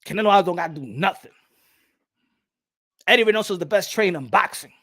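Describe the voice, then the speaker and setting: A man's voice: sits high, lively intonation, fast, fairly bright tone. A man doing casual, rambling and sarcastic boxing commentary in slangy talk.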